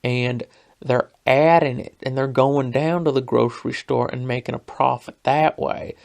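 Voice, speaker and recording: A man imitating a deep-voiced male coworker with a Tennessee hills accent who suspects a scheme. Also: fairly even intonation, measured pace, vocal fry. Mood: suspicious.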